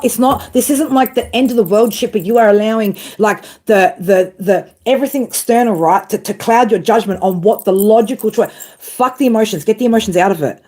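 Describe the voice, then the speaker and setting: A woman's voice: mid-range voice, darkish tone, breathy edge. A woman in her thirties giving a blunt tarot reading, swearing freely, handing out tough love and asking "right?" over and over. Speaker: tarot reader.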